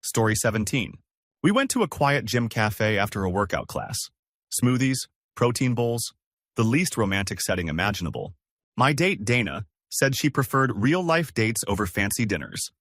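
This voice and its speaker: A man narrating dramatic relationship stories in a scripted storytelling style, switching to a higher pitch for the women's lines. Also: very animated, normal speed, a bit bright, no room sound, studio quality.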